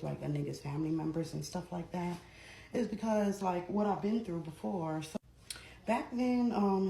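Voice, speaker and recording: Brief: woman vlogger, storytime, profane and lively, in an echoey room with faint noise. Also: vocal fry. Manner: animated, profane, swings between loud bursts and low asides. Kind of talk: casual storytime chat.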